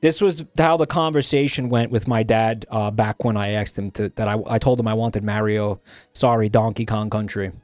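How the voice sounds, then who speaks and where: A man's voice: fairly low pitch, fairly even intonation, normal speed, darkish tone, no echo, soft background music. A man streaming live and chatting casually, joking around and swearing freely.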